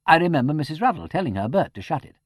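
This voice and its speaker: A man's voice: fairly high pitch, sing-song, racing, dry recording, studio quality. A man reading an audiobook, voicing a woman detective novelist who speaks in an offhand, practical way.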